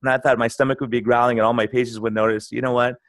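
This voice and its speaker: Middle-aged male doctor, mid pitch, dry close mic, animated storyteller in casual chat. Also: very fast, no echo. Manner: animated storytelling, acts out quoted patients. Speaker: internal medicine doctor, guest.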